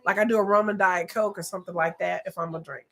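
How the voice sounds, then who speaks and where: A woman hosting a reaction video, talking in a casual, animated and blunt way, often exclaiming and laughing as she comments. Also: lowish voice, quick pace.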